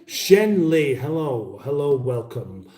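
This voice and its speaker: This livestream host, an Englishman in his fifties with a British English accent, chats from his home kitchen in a slow, very animated, warm, medium-pitched voice with reverb. He reads out viewer comments, rambling with wry humor and often restarting his sentences.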